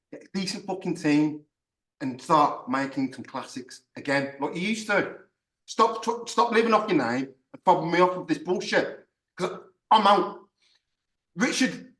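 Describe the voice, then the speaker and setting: A man ranting in a casual podcast chat, swearing often and getting animated. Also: fairly high pitch. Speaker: podcast host. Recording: echoey room, far from mic.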